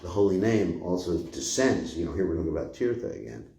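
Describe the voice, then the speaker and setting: Older man, low dark voice, echoey room. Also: fast, a little hiss or hum. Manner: rambling and conversational, chuckling often. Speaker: spiritual teacher giving a class. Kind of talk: informal scripture class.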